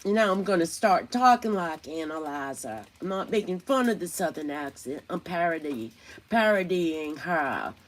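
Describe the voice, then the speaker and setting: A woman's voice: on the low side, expressive, moderate pace. A woman hosting a casual commentary vlog, talking in a chatty, indignant, gossipy way. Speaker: commentary channel host.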